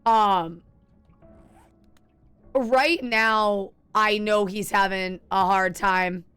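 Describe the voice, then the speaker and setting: A woman's voice: medium pitch, steady tone, drawn-out words, a bit bright, smooth, soft background music. A young adult woman streaming a game, chatting candidly with viewers in a rambling way, restarting sentences and swearing freely. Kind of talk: casual chat while gaming.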